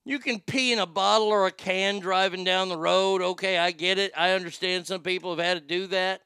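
Comic host, high bright voice, crisp and dry, swings from shouting to muttering. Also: male voice, brisk, no echo. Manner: animated, swings between loud outbursts and muttered asides. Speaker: show host. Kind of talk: comedic podcast rant.

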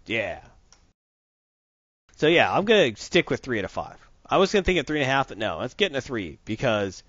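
A man's voice: medium pitch, big pitch swings, a little fast, fairly bright tone, no echo. A man reviewing a comic book in a casual podcast chat, rambling and opinionated. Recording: dull dry lo-fi recording.

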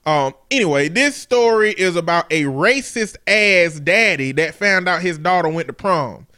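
A man's voice: sits high, lively intonation, a little slow, pushed and bright. A middle-aged man hosting a casual talk show, telling stories with profane, emphatic talk. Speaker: podcast host. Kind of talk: casual chat.

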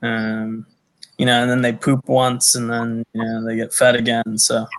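A man's voice: medium pitch, completely flat delivery, moderate pace. A man talking as a podcast guest, in a mid-range voice. He rambles, pads his sentences with fillers, and drifts from one thought to the next. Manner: rambling, filled with "you know" and "uh". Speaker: podcast guest, snake keeper. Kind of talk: casual chat.

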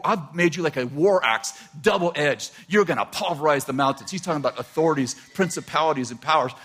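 Animated older preaching man. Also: fairly high pitch. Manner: animated, laughing often, quoting scripture. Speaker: pastor. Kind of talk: sermon.

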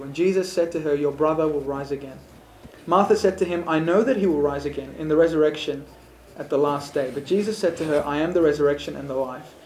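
Man, sermon reading, earnest, reflective, slightly high voice, roomy echo. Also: a little mellow, a little hiss or hum. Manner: earnest, reflective, builds to emphatic moments. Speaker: preacher reading scripture. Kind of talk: scripture reading with sermon commentary.

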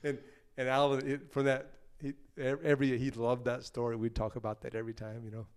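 A man's voice: medium pitch, brisk, clean tone. A man, a former touring band member, telling casual stories and acting out the people he quotes. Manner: animated anecdotes, acting out quoted voices. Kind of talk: casual storytelling.

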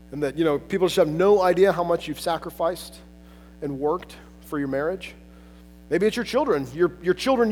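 High-voiced chatty male preacher. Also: darkish tone, big-room sound, slight background noise. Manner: casual, chatty, with frequent "like" and "um" fillers and asides. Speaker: pastor. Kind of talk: conversational sermon.

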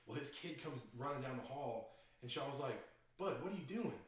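A young man telling stories in casual chat with friends, animated and quick to laugh. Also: mid-range voice, distant mic. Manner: animated storyteller, fast and laughing. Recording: echoey room, away from mic.

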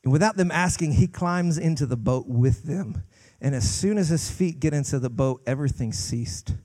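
A man, a guest pastor, preaching a sermon with passion, climbing to loud peaks and dropping to hushed lines. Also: on the high side, normal speed.

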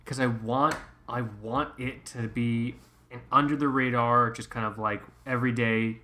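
A man co-hosting a casual chat podcast, animated and mock-ranting with swearing. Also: mid-range voice, unhurried. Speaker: podcast co-host.

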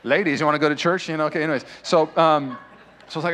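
A young man preaching to his congregation in a church sanctuary, his voice sitting a little higher than most men's. He moves between quieter, conversational stretches and loud, impassioned declarations. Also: fairly even intonation, racing. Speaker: pastor. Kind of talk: sermon.

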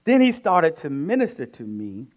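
Animated preacher man, lively pitch. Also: normal speed. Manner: animated preaching that swings between loud bursts and hushed asides. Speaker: pastor. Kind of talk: sermon.

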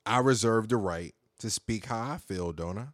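A man's voice: on the low side, moderate pace, dry recording, clean studio sound. A young man hosting a podcast solo, talking in a heated, profane, rambling way. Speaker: podcast host. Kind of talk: casual monologue podcast.

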